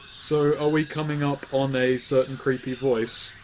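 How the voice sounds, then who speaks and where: A man's voice: mid-range voice, flat delivery, measured pace, darkish tone, a little hiss or hum. A young man chatting casually about a video game, laid-back and swearing freely. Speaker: let's play co-commentator. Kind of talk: casual gaming commentary.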